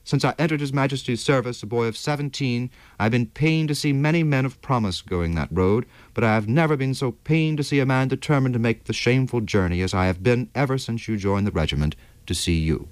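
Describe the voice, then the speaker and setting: A man's voice: medium pitch, a little fast, few pauses, no room sound, voice pushed up, lightly acted. A man reading as a grave young army captain. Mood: grave, earnest. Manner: earnest, grave and reproachful. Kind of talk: audiobook character reading.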